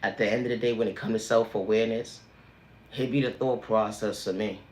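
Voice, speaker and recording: A man's voice: fairly low pitch, fairly even intonation, brisk, roomy sound. Preachy man with emphatic refrains. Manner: repetitive, emphatic, sermon-like refrains. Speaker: livestream host. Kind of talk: preachy motivational monologue.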